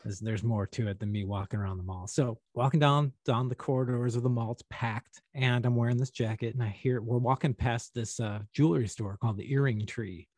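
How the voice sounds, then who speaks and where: A man from St. Louis, a podcast co-host, telling a long story in casual chat with an animated, rambling manner. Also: medium pitch, a little fast, few pauses, no room sound, clean studio sound. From St. Louis, USA.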